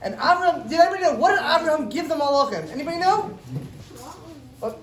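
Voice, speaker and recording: A woman telling a story to children in a synagogue hall, animated and stopping to ask them questions. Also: high-pitched, fast talker. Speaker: storyteller at a children's learning program. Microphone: distant room mic. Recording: roomy hall from far off, faint ambience.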